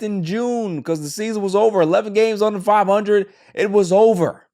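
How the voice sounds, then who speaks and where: A man's voice: high voice, fast talker, hardly any pauses, darkish tone. A man hosting a sports podcast, talking casually and rambling, with frequent restarts and fillers. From Queens, New York.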